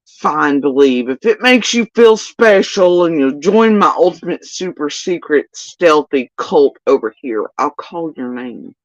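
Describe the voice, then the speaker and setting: A woman ranting through a livestream reaction with a sarcastic, profane bite. Her pitch swings widely from line to line. The sound is dry and a little muffled. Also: animated, unhurried, dry recording. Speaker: livestream host. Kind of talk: casual reaction commentary.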